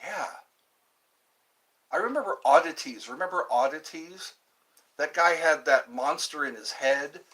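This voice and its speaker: A man hosts a casual livestream, drifting from topic to topic and reading viewer comments aloud before he answers them. His voice sits a little high and sounds animated and fairly bright, and he takes his time, pausing often.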